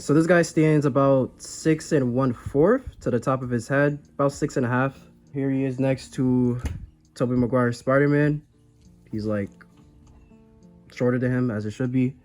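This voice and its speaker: A man's voice: medium pitch, a little mellow. A man with a congested voice, under the weather, giving a rambling, self-deprecating toy review in a casual chat. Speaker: action figure reviewer.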